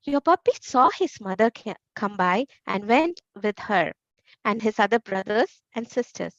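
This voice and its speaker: A woman's voice: medium pitch, lively intonation, a little slow, no room sound, lo-fi sound. A woman voicing a mother who scolds her son about a dirty dog, with a raised, exclaiming voice. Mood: soothing.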